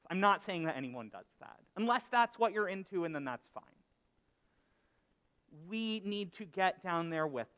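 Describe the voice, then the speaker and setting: A man, a rabbi, telling a parable and giving a sermon with dry humor at a live service. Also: sits high. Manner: unhurried, expressive storyteller with dry humor. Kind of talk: sermon with storytelling. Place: synagogue sanctuary. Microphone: live service broadcast mic. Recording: echoey hall reverb, live broadcast.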